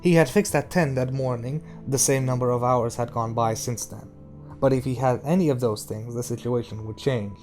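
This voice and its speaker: A man reading a novel aloud in a steady, measured narrating voice. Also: mid-range voice, faint music behind. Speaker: audiobook reader.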